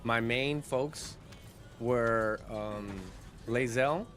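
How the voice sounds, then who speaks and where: A man's voice: mid-range voice, very slow. A man streaming a game, chatting casually and rambling to his viewers. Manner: relaxed, rambling, with restarts and fillers.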